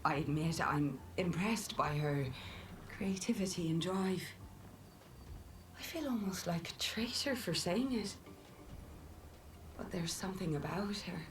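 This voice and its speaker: A woman's voice: fairly low pitch, a little slow, long pauses, lightly acted. A woman voicing a female expedition member who reads her journal in a thoughtful, half-whispered voice. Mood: reflective. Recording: distant game audio with background noise.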